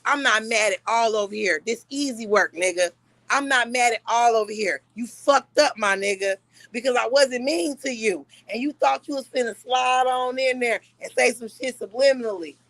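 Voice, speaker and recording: A woman's voice: a little high, normal speed, fairly bright tone, no echo. Brash trash-talking woman streamer. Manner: brash, profane, taunting trash talk. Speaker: live streamer. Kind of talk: live-stream rant.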